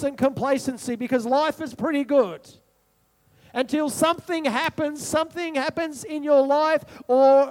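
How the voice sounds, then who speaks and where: A man preaches with an unusually high-pitched voice. He repeats key phrases for emphasis and keeps asking the congregation questions as he works through scripture. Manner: repetitive rhetorical preaching, asks the congregation questions. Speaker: pastor. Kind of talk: sermon.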